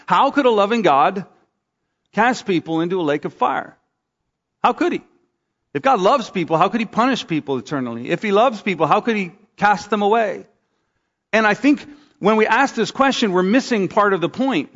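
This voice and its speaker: A man preaching a sermon as pastor, telling stories with lively acted-out quotes. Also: moderate pace. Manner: animated storytelling, acts out quotes with big pitch jumps. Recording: dull sound with long hall reverb.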